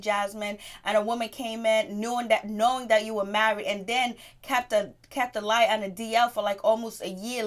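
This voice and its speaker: A woman casually recapping a reality TV episode for her viewers, chatty and circling back with "so anyways". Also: on the high side. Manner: greets viewers as "my peeps". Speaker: TV show reviewer.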